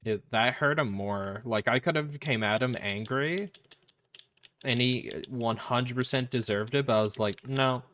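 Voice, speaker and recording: A man's voice: mid-range voice, moderate pace, a bit bright, a little hiss or hum. A man streaming, chatting casually and telling a long story, acting out what others said, with lots of fillers. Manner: rambling storyteller acting out quotes, many fillers. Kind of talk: casual chat.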